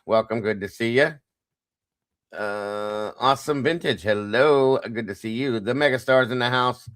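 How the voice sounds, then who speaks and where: Low-voiced man greeting livestream viewers. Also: a bit bright, no echo, clean studio sound. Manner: greets viewers one by one, playful sing-song asides. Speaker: livestream host. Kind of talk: casual livestream chat.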